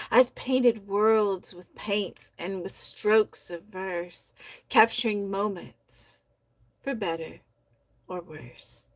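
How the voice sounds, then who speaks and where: Slow, soft-spoken woman reading poetry. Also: medium pitch, no room sound. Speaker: host of a poetry society livestream. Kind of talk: reading members' poems aloud and commenting.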